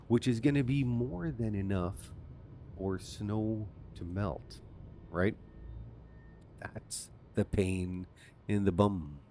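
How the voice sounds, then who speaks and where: A man's voice: lowish voice, a little mellow, a little hiss or hum. A man from Canada giving rambling, self-amused commentary while playing a game as a channel host. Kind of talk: casual let's-play commentary.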